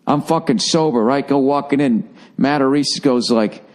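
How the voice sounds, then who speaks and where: In a casual podcast monologue, a Boston-area host delivers a rambling tale laced with swearing. His voice is medium in pitch and his pace measured, and his delivery perks up whenever he imitates what people said.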